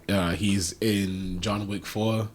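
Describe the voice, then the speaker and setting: Low-voiced man rambling casually on a podcast. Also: steady tone, takes it slowly, slight background noise. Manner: rambling, with many restarts and casual swearing. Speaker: podcast co-host. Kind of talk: casual chat.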